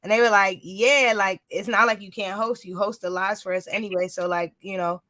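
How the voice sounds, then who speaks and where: Here the same podcast host and sneaker content creator, interviewed as a guest, rambles through her story casually, leaning heavily on fillers. She speaks at a medium pitch with fairly even intonation, talks fairly quickly, and sounds bright and forceful. The audio is dry, with clean studio quality.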